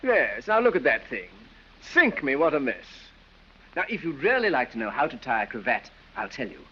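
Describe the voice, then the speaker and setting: An actor playing a silly, foppish English aristocrat dandy who drawls, giggles and dithers, in 1930s film acting. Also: male voice, mid-range voice, sing-song, moderate pace, fairly bright tone, breathy edge. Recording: dull old film soundtrack with hiss.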